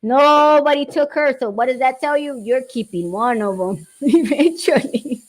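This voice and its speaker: High-voiced woman telling lively stories. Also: measured pace. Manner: animated storyteller, laughs often, swears freely. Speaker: parent guest in a chat. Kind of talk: casual chat.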